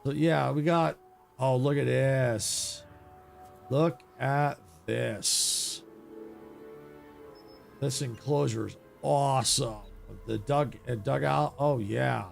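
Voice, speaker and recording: A man streaming a video game live, thinking aloud in a casual, excitable way. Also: medium pitch, slow, vocal fry, faint music behind. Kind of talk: live gameplay commentary.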